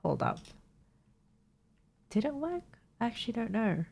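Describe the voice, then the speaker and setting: A woman's voice: on the high side, big pitch swings, a little slow, creaky, darkish tone, a little hiss or hum. A young woman with a stuffed-up nose from a cold, chatting casually to her stream viewers, swearing freely and laughing often. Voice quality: nasal, congested.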